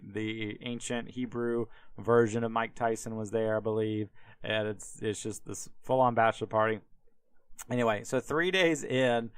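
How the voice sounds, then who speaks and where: A man's voice: fairly low pitch, clear, resonant tone, dry recording. A man hosting a podcast, retelling a Bible story in a casual, irreverent way with swearing and many fillers. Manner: irreverent, profane, heavy on fillers. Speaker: podcast host.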